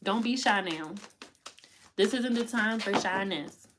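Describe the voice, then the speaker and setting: A woman's voice: mid-range voice, measured pace, noisy background. A woman giving a live tarot reading, talking in emphatic, repetitive, slangy bursts full of profanity and pep-talk urging. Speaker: tarot reader.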